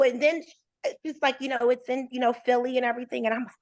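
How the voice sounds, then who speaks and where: A woman's voice: high-pitched, fast talker. A woman in her thirties, a podcast guest, telling a personal story in casual conversation and acting out the voices of the people in it. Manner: animated storyteller, acts out quoted voices.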